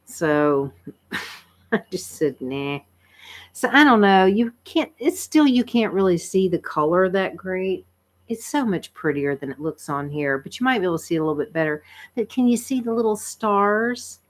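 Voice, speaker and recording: A woman, chatting casually with viewers on a livestream, tired and a bit croaky, laughing often and rambling with fillers. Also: medium pitch, animated, moderate pace. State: tired, frog in her throat. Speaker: livestream host. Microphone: computer microphone.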